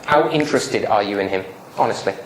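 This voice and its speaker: A man's voice: fairly low pitch, a little fast. A man giving a live public speaking presentation, joking and questioning the audience in a lecture room. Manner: playful, joking, quizzes the audience. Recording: roomy hall sound, faint noise.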